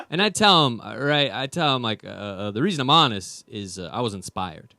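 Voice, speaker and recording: A man's voice: mid-range voice, sing-song, brisk, vocal fry, pushed and bright, slight background noise. A man doing a rambling, self-deprecating stand-up comedy set. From United States.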